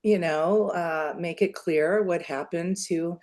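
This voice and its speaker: A woman guest on a podcast, telling stories in an animated, laughing way. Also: lowish voice, takes it slowly. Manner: animated storyteller, laughs often. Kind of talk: casual interview chat.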